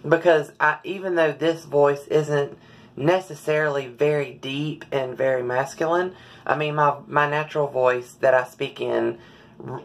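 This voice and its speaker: A woman talking in a personal vlog, slightly hoarse, halting with many fillers and frequent throat clearing. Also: very deep voice, fairly bright tone. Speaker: vlogger.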